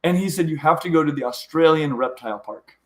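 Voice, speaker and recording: A man's voice: a little high, lively intonation, fast, fairly bright tone. A middle-aged man hosting a casual live-stream chat, rambling eagerly and restarting his sentences often. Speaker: host of a reptile channel. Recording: echoey room.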